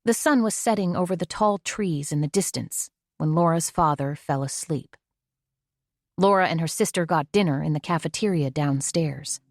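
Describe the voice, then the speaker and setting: A woman's voice: fairly low pitch, dry recording, studio quality. A woman narrating an audiobook in a scripted reading style, giving the characters' dialogue in her own voice.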